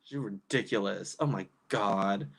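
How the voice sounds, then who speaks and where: A woman's voice: extremely low pitch, measured pace, gravelly. A woman doing casual livestream commentary, reading chat and ranting in an exasperated way with frequent laughs.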